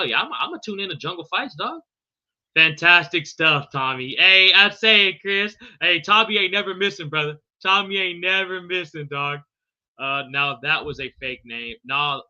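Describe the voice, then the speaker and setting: A man's voice: a little high, sharp tone, highs cut off. A man hosting a live podcast, answering viewer chat in a loose, profane way and calling everyone bro and brother. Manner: fumbles unfamiliar names. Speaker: podcast host.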